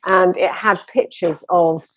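A woman's voice: fairly low pitch, fairly even intonation, unhurried, no room sound, muffled recording. A woman telling her running story with enthusiasm, rambling a little as a guest in a conversation. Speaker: interview guest.

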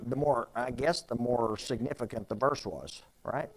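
A man with a mid-pitched voice preaches a sermon. He talks conversationally, repeats his phrases and asks his listeners rhetorical questions. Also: moderate pace, few pauses, husky, rough recording. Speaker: pastor.

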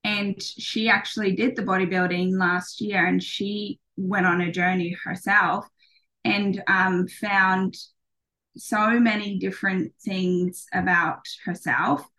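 A woman's voice: medium pitch, steady tone, slow pace, bright, forceful tone. A woman in her thirties, a podcast guest, talking casually with many ums and restarts.

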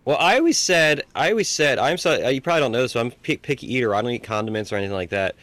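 A man co-hosting a podcast, chatting casually and telling stories with animated, self-mocking delivery. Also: medium pitch, no echo. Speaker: podcast co-host. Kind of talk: casual chat.

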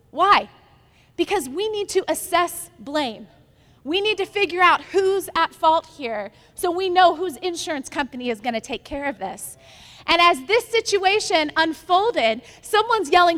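A woman's voice: very high-pitched, pushed and bright, big-room sound. A woman pastor preaching a sermon, telling a story and building to emphatic repeated lines.

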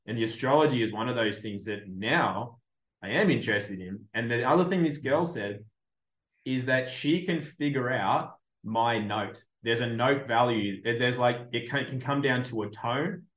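Podcast host, male, mid-pitched, blunt and profane storyteller, roomy reverb. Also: normal speed, a bit bright. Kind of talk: casual chat.

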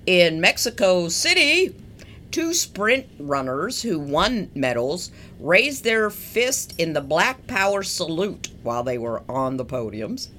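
Low-voiced woman with lively, swinging delivery. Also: slow, a little hiss or hum. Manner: chatty, laughs easily, trails off and repeats herself. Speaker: podcast co-host. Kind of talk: casual chat.

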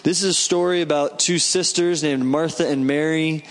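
A man preaching a sermon in a relaxed, conversational way, often acting out the voices in the story. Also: a little high, normal speed. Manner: conversational, animated, acts out quoted voices. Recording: long hall reverb.

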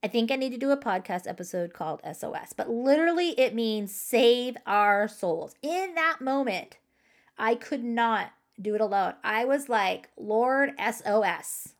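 A woman's voice: a little high, lively intonation, moderate pace. A woman hosting a faith-based podcast for moms, talking earnestly and directly to her listeners. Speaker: podcast host.

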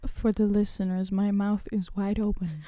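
A woman's voice: medium pitch, flat delivery, normal speed, mellow, no room sound. A woman hosting a podcast in a studio, chatting casually and bluntly, swearing freely and laughing often. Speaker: podcast host.

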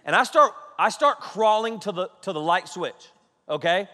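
A man in his thirties, a pastor telling a funny story in a sermon, animated, keeps checking in with "okay?" and laughs along. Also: high voice, moderate pace. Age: 30s. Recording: reverberant hall.

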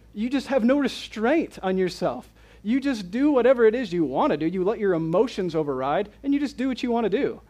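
A pastor preaching an expository sermon in church, asking his congregation rhetorical questions in an animated, conversational way. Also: a little high.

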